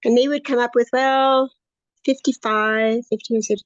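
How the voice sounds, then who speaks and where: A woman's voice: a little high, steady tone, rapid-fire, mellow, no echo, muffled recording. Chatty upbeat woman in her sixties. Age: 60s. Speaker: course student interviewee. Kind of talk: casual interview conversation.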